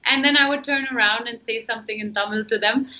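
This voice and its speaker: A young woman from South India speaks with an Indian accent and a bright, clear tone. She tells her stories animatedly in a relaxed interview, slipping into other people's voices. The recording sounds a little dull and lo-fi. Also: fairly high pitch, fast. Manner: animated storyteller, acts out what others said. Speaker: guest. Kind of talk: casual interview chat.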